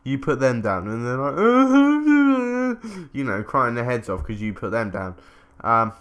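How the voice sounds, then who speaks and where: A man's voice: medium pitch, normal speed, bright, forceful tone, highs cut off. A man, telling a rambling story during casual gameplay commentary, swearing casually. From England. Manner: rambling, chatty, self-interrupting, swears casually. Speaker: gaming commentator.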